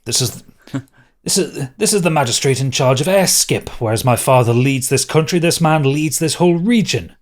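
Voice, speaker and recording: Guy putting on a high shrill snooty prince, sneery and huffy, loud. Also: lively intonation, moderate pace, lightly acted. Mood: indignant. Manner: sneering, indignant. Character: shrill fawning young male prince.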